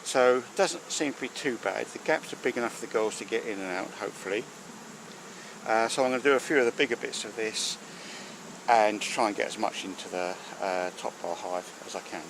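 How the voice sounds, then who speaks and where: Standing by a hive outdoors, a male beekeeper offers loose, filler-heavy commentary in a chatty, rambling way while working. His pitch is on the low side and his pace brisk. The camera, handheld or mounted, picks up a clear background of buzzing bees.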